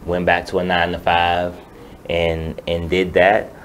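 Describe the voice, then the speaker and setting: A man in his thirties with a very deep voice talks as a guest on a radio show. His speech is earnest and rambling, full of "um"s and "you know"s. A faint background hiss sits under the recording. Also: completely flat delivery, a little slow, low-quality recording. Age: 30s. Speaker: musician guest. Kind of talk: casual interview chat.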